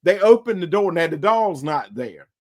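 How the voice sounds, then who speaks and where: A man co-hosting a casual podcast about movies, with a high voice that swings widely as he talks. He tells stories with plenty of energy and acts out the other people in them. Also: moderate pace. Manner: animated storyteller, acts out voices. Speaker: podcast co-host. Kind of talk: casual movie-discussion chat.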